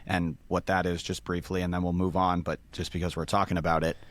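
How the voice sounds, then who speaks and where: A man's voice: sits low, little pitch movement, brisk. A man casually explaining sports science step by step, with many fillers.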